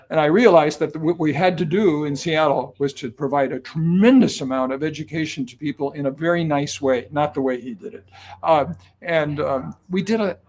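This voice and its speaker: A man in his seventies, a guest on an interview show, telling long stories in a relaxed, anecdotal way with many ums and uhs. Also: a little high. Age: 70s. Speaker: guest, company cofounder. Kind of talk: conversational storytelling.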